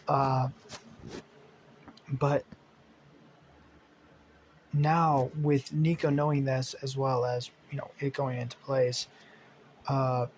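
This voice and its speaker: A man's voice: mid-range voice, flat delivery, takes it slowly, pauses often, a little hiss or hum. A young man narrating an improvised fan story, rambling with many fillers and casual swearing.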